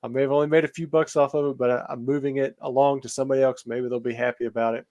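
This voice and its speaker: A man's voice: medium pitch, level tone, racing, a little mellow, lo-fi sound. A man who is a guest on a podcast interview and sells cards, talking in a rambling way and hedging with lots of fillers. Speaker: podcast guest, card seller.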